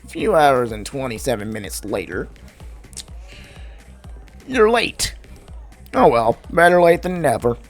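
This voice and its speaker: A man's voice: mid-range voice, expressive, unhurried, long pauses, soft background music, natural voice. A man reading the lines of a cheerful male party organizer who gives upbeat orders. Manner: upbeat, bossy reading of game dialogue.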